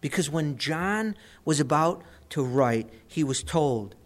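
A man teaching through scripture verse by verse in a measured, reflective manner, repeating phrases for emphasis. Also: on the high side, animated. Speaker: Bible teacher.

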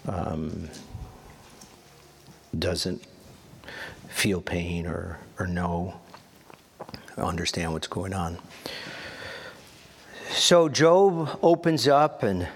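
A man teaching a Bible study, reading scripture aloud and then explaining it in a halting, conversational way. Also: on the low side, a bit bright. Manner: slow, halting, conversational asides.

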